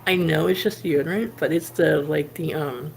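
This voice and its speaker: Gravelly low-voiced woman telling stories. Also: moderate pace. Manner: rambling, lots of "like" fillers; animated anecdote telling. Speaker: livestream host. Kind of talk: casual storytelling chat.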